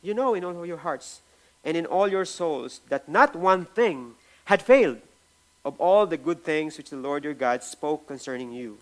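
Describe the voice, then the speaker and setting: Filipino-accented male pastor, fairly high voice, emphatic sermon delivery with frequent tag questions. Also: lively intonation, moderate pace. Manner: emphatic preaching, repeats phrases, tag "no?" often.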